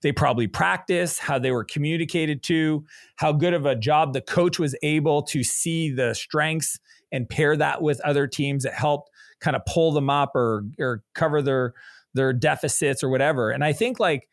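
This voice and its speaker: A middle-aged man speaking as a business coach in a conversational interview, an energetic storyteller who jumps into animated quoting of others. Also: fairly high pitch, normal speed, dry recording, clean studio sound.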